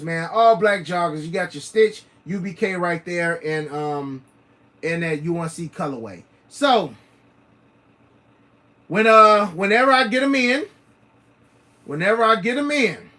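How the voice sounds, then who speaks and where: A man's voice: high voice, pushed and bright. A man hosting a sneaker channel livestream, chatting loosely with slang, fillers and repeated phrases. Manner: loose, repetitive, slangy talk with many fillers. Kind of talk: casual livestream chat.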